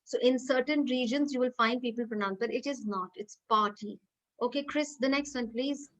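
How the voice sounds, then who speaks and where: A woman's voice: sits high, brisk, highs cut off. A woman giving an online phonetics lecture over a video call, patiently coaxing students to repeat words.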